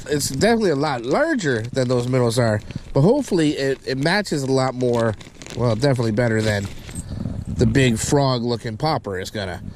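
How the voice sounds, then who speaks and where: A man hosting a fishing vlog from the water, his voice high and bouncing through a wide range. He chats through his tackle and whoops at each catch. Steady outdoor noise sits under the recording. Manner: excitable, whoops loudly at catches. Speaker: fishing channel host.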